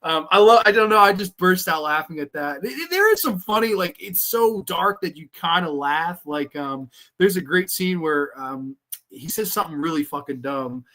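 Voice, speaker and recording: A man with a fairly high-pitched voice talks through a film review on his own podcast. He rambles casually, piles up "um" and "like," restarts his sentences and swears often. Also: animated, normal speed, pushed and bright. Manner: rambling, profane, lots of fillers and restarts. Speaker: podcast host reviewing films.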